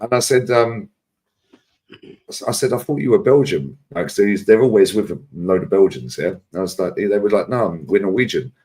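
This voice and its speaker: A man's voice: fairly low pitch, lively intonation, fairly quick, darkish tone, slightly rough. A man with a London accent, a panelist telling a jokey anecdote in casual chat. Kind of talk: casual storytelling.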